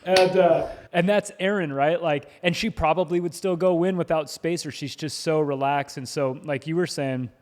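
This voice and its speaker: A middle-aged man co-hosting a podcast in casual chat, animated, laughing often and stumbling over his first words. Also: fairly high pitch, normal speed, hardly any pauses. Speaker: podcast co-host. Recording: long hall reverb.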